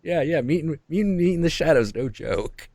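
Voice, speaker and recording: A man's voice: a little high, animated, normal speed, a little mellow, no room sound, clean studio sound. A man hosting a stream, chatting casually and rambling through ideas, now and then acting out voices in quotes. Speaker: stream host. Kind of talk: casual chat.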